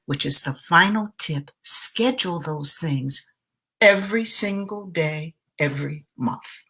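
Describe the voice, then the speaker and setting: A woman's voice: lowish voice, bright, forceful tone, breathy edge. A woman giving a motivational self-care talk as a coach, emphatic and speaking straight to the viewer, repeating her key phrases.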